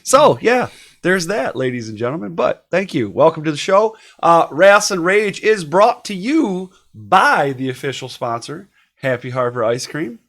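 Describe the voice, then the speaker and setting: A man's voice: on the high side, very animated, measured pace, fairly bright tone. A man hosting a live online show, chatting casually and laughing easily with his guest. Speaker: host. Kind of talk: casual live-stream chat.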